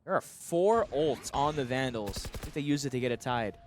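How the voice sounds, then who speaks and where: A young man casting a college esports match live, chatty and joking, with excited calls on big plays. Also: mid-range voice, moderate pace, very noisy. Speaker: esports caster. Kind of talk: live esports play-by-play commentary.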